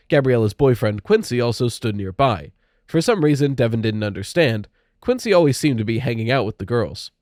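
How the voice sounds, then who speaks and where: A man narrating a spooky young-adult audiobook in a steady, measured way. His pitch sits in an ordinary middle range. The recording is dry and close, with no room sound. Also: no echo.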